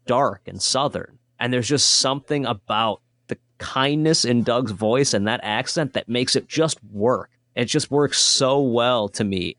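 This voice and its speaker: A man's voice: medium pitch, a bit bright, no room sound. A man talking about his own horror film in a casual interview, earnest and rambling, often restarting his sentences.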